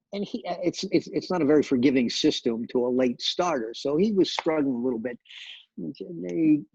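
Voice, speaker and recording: Gravelly older man telling stories. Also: mid-range voice, darkish tone, no echo, highs cut off. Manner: anecdotal, many restarts and repeated words. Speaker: television director, guest. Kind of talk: storytelling interview.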